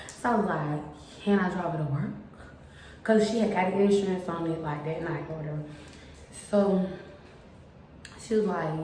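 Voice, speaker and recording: A young woman casually telling a storytime about her car, chatty and animated, acting out the people in her story. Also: on the low side. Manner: chatty, animated retelling with quoted voices. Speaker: vlogger. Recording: very echoey room with faint noise.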